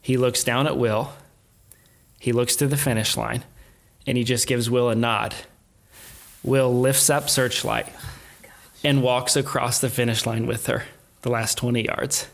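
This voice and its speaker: Man retelling a story, mid-pitched. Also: unhurried, creaky, pauses often. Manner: animated retelling with quoted voices and soft laughs. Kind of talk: casual storytelling chat.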